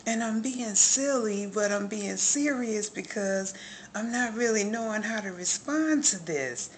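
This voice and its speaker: A woman's voice: mid-range voice, measured pace, slight background noise. A woman giving a spoken religious testimony and prayer on a phone, fervent and repeating words of praise. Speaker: believer sharing a testimony.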